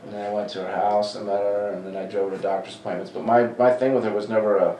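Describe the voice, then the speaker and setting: A man's voice: fairly low pitch, fast talker, crowd noise. A man in his forties, a comedy club talent coordinator, telling stories in a casual interview and acting out the voices of the people he quotes. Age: 40s. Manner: animated, acts out quoted dialogue. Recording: echoey room, mic at a distance.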